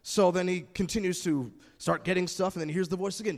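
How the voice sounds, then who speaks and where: A man preaching a sermon as pastor, building from calm explanation to emphatic shouting. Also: high-pitched, quick pace, in a large hall.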